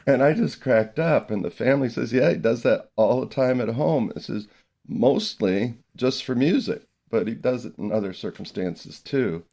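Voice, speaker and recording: Gravelly middle-aged man telling stories. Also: mid-range voice, moderate pace. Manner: laughing, animated storytelling. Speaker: podcast host, early childhood music teacher. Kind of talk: casual podcast chat.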